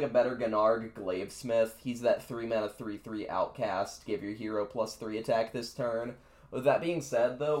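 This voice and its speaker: Rambling young-sounding male podcast co-host. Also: fairly low pitch. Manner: rambling, filler-heavy, excited. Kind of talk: casual card-review chat.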